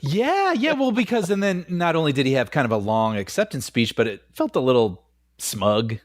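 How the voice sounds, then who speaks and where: A man co-hosting a casual film podcast, chatting loosely and breaking into laughter often. His pitch swings widely, and his voice sits close and dry on the mic with no room sound around it. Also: moderate pace, no room sound. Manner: animated, laughs often while talking. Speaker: podcast co-host.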